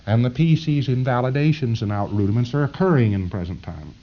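A man's voice: mid-range voice, animated, a little fast, dull audio. A man giving a conversational, jokey lecture to trainees, acting out little scenes as he explains.

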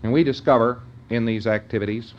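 A man's voice: mid-range voice, steady tone, fairly quick, lo-fi sound, a little hiss or hum. A man giving an informal lecture in a conversational way, often checking in with his listeners.

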